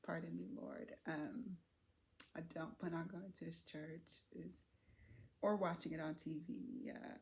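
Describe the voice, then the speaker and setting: Woman vlogger, lowish voice, candid reflective monologue with fillers and soft laughs. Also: flat delivery, measured pace, creaky. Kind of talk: reflective personal vlog.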